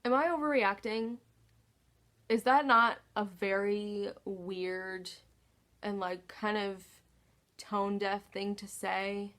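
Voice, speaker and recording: A woman vlogger tells a story in a loose, casual voice. She sighs often, swears freely and sounds exasperated. Her voice sits at a middle pitch for a woman. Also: steady tone, takes it slowly, fairly bright tone.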